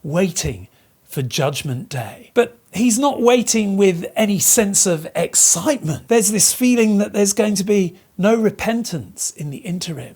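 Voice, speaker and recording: A woman's voice: medium pitch, a little mellow, husky. A woman teaching literature in an educational video. She explains the text and asks rhetorical questions to stress her points.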